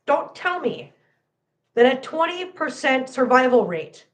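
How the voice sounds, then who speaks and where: A woman's voice: high voice, sing-song, a little slow. A woman hosting a cat channel livestream, tearful and talking to viewers in an emphatic, impassioned way that repeats phrases.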